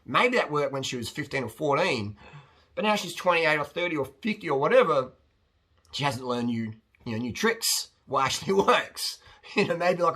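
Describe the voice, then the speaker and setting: A man hosting a casual advice monologue, talking bluntly and rambling, animated as he acts out other people's voices. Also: medium pitch, husky. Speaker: host answering viewer questions.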